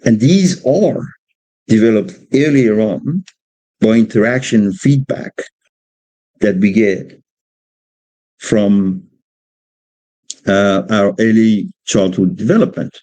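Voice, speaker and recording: A man from Australia, a father, speaking informally about raising children, halting and repeating words as he tells stories about his young son. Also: lowish voice, dark tone, no echo, low-quality recording. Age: adult parent of a two-year-old. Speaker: speaker giving a religious exposition on parenting. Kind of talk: informal talk with personal stories.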